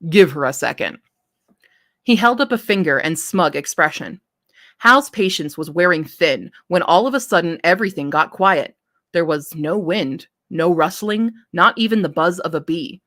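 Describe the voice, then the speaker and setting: Low-voiced woman reading her draft aloud. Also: lively intonation, moderate pace, fairly bright tone. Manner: rereads and corrects lines as she goes. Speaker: streamer reading her own story.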